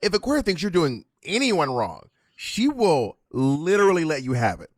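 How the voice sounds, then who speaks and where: A man co-hosting a casual chat show, telling gossipy stories in an animated way. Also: fairly high pitch, moderate pace, dry recording. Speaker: podcast co-host.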